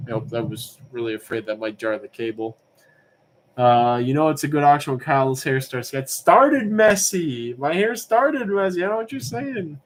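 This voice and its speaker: A man's voice: a little high, normal speed. Laid-back man hosting a live auction. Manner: relaxed and rambling, answers chat questions between auction calls. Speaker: livestream auction host. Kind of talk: casual live-stream chat.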